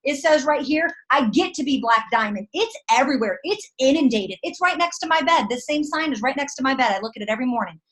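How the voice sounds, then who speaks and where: A woman's voice: sits high, animated, fast, hardly any pauses, fairly bright tone. A woman giving a fired-up motivational pep talk to her sales team. She speaks emphatically, uses slang and fires off punchy rhetorical questions. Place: at home at night.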